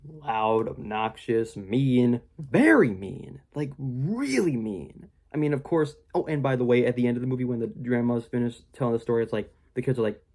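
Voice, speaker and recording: Young male reviewer, loose filler-heavy rant, dark mellow tone, very animated pitch. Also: normal speed, hardly any pauses. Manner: rambling, filler-heavy, with mocking quoted voices. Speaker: movie reviewer. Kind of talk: casual spoken movie review.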